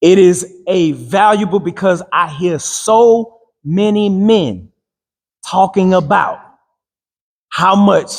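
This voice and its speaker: A man's voice: high-pitched, slow, in a large hall. A man giving a motivational talk to a live group with call-and-response. He speaks emphatically in casual slang and repeats his phrases. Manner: slang-heavy casual speech.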